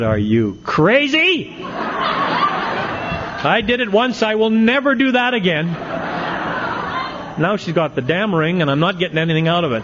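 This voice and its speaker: A man's voice: medium pitch, dull audio, noisy background. A middle-aged man giving a humorous recovery talk, telling stories and acting out the quotes. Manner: storytelling with punchlines, acts out quotes. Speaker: AA speaker.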